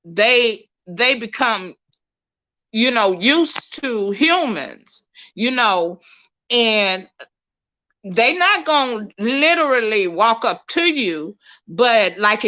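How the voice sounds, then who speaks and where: A middle-aged woman, chatting with viewers on a livestream in a folksy, animated way. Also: fairly high pitch. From Texas, USA. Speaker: livestream host. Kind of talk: casual chat with viewers.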